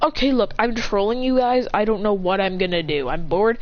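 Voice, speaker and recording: A woman's voice: mid-range voice, fairly quick, close to an everyday voice. A woman voicing a bored, teasing young male swordsman in a home-made story, talking in an offhand drawl. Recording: muffled lo-fi recording.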